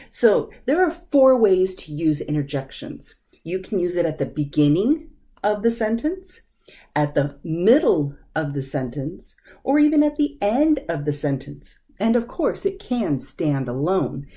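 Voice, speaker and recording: A woman teaches a short grammar lesson, patient and clear, pausing on the odd filler. Her voice sits lowish and mellow, but it leaps high and low whenever she acts out an example word for emphasis. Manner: acts out interjections with lively, exaggerated emphasis; patient explaining with occasional fillers.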